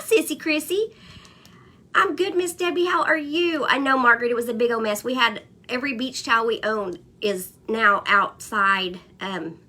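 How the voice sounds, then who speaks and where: A woman's voice: fairly high pitch, bright, forceful tone. A woman hosting a casual craft livestream, chatting and greeting viewers by name between stories. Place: home.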